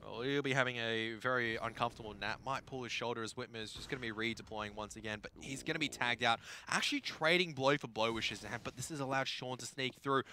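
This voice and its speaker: A man calling a competitive shooter match with quick play-by-play and playful banter. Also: medium pitch, bright, forceful tone, slight background noise. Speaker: esports caster. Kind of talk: play-by-play commentary.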